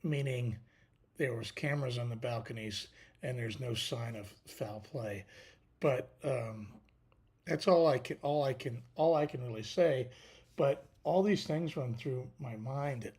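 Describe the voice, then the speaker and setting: A tired man hosting a casual livestream, talking haltingly with many fillers and restarts. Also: mid-range voice, a little mellow. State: tired, yawning. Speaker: podcast host.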